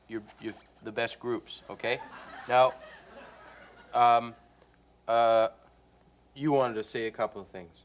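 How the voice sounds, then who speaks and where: A man hosting a comedy sketch, rambling and hesitant with many fillers. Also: medium pitch.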